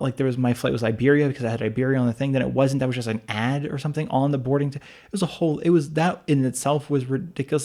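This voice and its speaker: A man co-hosting a relaxed podcast conversation talks at a brisk clip. He spins a long story with plenty of restarts, asides and "like"s, and his voice sits at an everyday middle pitch. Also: gravelly. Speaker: podcast co-host. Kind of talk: casual chat.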